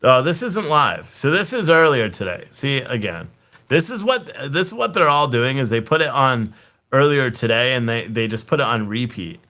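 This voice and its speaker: A man's voice: medium pitch, very animated, moderate pace, sharp tone. Rambling man hosting a casual live stream. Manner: rambling, thinking aloud, restarts mid-sentence; jokey, laughs at his own jokes. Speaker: livestream host.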